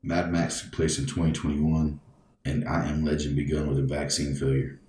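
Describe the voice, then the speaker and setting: A man's voice: rumbling low, flat delivery, normal speed, darkish tone. A young man co-hosting a casual podcast, dry and sarcastic, swearing freely. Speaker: podcast co-host. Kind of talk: casual chat. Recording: roomy echo with faint noise.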